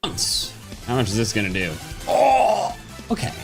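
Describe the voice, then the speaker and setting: A woman streamer commentating her gameplay casually, dropping to low mutters and jumping to high excited yelps. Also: unhurried, soft background music. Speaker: game streamer.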